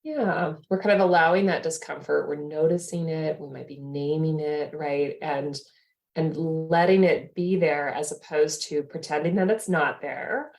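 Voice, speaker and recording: A woman's voice: sits low, steady tone, measured pace, a little mellow. A woman hosting a podcast as a life coach, thoughtful and affirming as she reflects and asks questions. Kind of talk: casual podcast conversation.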